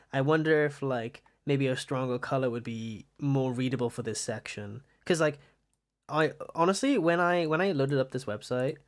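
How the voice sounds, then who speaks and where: A young adult art streamer chatting casually on a livestream, rambling, giggling often and swearing offhand. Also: medium pitch.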